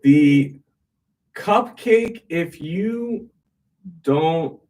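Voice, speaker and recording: A man's voice: on the high side, lively intonation, drawn-out words, a little mellow, far from the mic. A man in casual small talk who rambles, hesitates often and laughs. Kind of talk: casual chat.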